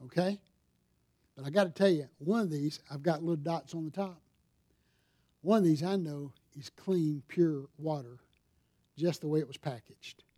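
A man's voice: fairly high pitch, normal speed, pauses often, warm tone. A middle-aged man pastor preaching a sermon in a church, talking casually with the congregation and asking them questions. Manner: conversational preaching with audience questions and props. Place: church sanctuary.

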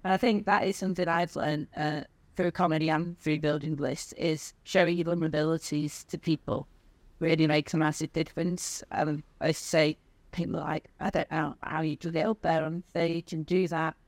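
Casting: woman host, fairly low voice, supportive, dry close sound. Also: level tone, normal speed, no room sound. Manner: supportive, affirming listener. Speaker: podcast host. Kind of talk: conversational interview.

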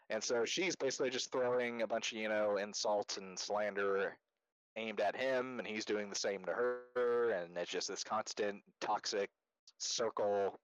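A young man casually recapping an anime, laughing and filling in quick character voices as he retells scenes. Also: fairly low pitch, lo-fi sound.

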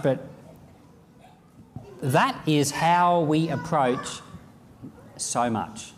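A man preaching a sermon, reading scripture aloud and acting out the lines of imagined speakers in an animated way. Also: fairly high pitch, very slow, pauses often, in a large hall, slight background noise.

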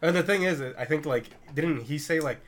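A man's voice: on the high side, normal speed. A young man in casual chat, rambling and repeating words as he works out his point, swearing as he goes.

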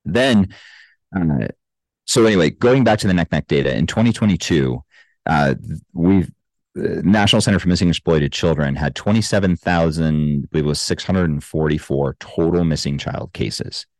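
A man with a very deep voice talks as a podcast guest, working carefully through numbers and stressing key points. The sound is dry and close, with no room behind him. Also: a little mellow, no room sound, poor audio. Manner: measured, fact-heavy, emphatic with statistics. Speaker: guest, anti-trafficking organization co-founder. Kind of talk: podcast interview explanation.

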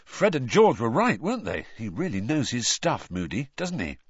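A man voicing a blunt, excitable teenage boy who chats casually. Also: medium pitch, moderate pace, breathy edge, no room sound. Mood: excited. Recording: dull dry recording.

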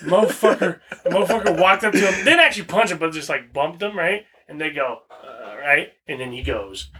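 Young male co-host, bright and slightly high voice, crude joking chat. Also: animated, fairly quick. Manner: profane, joking, storytelling. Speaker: podcast co-host.

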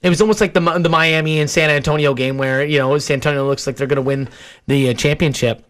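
A man's voice: on the high side, steady tone, quick pace, a bit bright. A young man co-hosting a sports podcast, ranting in an exasperated way about rude fans in casual chat.

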